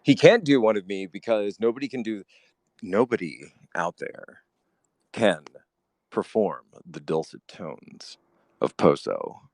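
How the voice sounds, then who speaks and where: A man's voice: lowish voice, animated, a little mellow, no room sound. Pompous podcast host guy, drags out his words all grand, swoopy voice, dry sound. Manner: pompous, drawn-out grandiose delivery. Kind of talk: comedic podcast talk.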